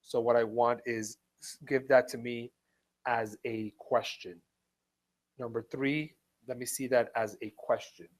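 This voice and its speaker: A man's voice: medium pitch, steady tone. Patient man teaching an online English class. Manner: slow, patient, repeats each point; reads example sentences aloud with clear stress. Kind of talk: live online ESL lesson.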